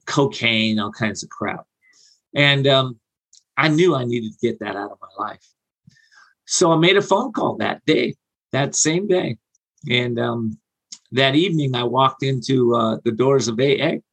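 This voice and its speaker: Man, forties, husky voice, earnest and halting, personal storytelling. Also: medium pitch, rough recording. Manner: earnest, halting, many fillers and restarts. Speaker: guest sharing his recovery story. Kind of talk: personal storytelling on an interview show.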